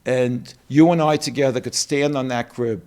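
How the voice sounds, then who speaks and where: A middle-aged man with a New York accent, a company co-president telling animated stories in an interview and acting out quotes. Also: medium pitch, moderate pace. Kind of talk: storytelling interview.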